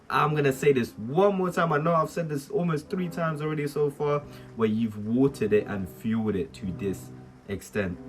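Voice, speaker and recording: A young man talking candidly to camera as a self-improvement vlogger, swearing and laughing at himself. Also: medium pitch. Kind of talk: casual talk to camera.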